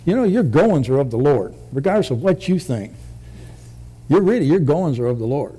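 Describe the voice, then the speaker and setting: A man's voice: on the high side, sing-song, moderate pace, mellow, husky. A man giving his testimony as a lay preacher in church, folksy and joking, with a rambling manner.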